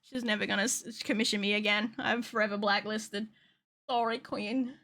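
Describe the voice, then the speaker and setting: A medium-pitched, sharp-toned woman keeps a fairly even intonation and moderate pace as she streams a game. The VTuber streamer and model rigger rambles and giggles in casual chat, swearing freely.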